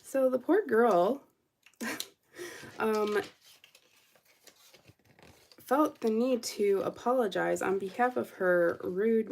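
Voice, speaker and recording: A woman's voice: medium pitch, vocal fry, a little hiss or hum. A young adult woman vlogger telling a story casually while she crafts, acting out what people said. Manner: animated, acts out quoted voices.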